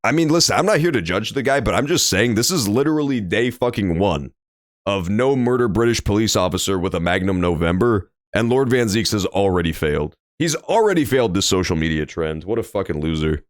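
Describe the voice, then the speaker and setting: A man's voice: lowish voice, animated, brisk, no echo, clean studio sound. Joking, profane male game streamer. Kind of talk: casual gameplay commentary.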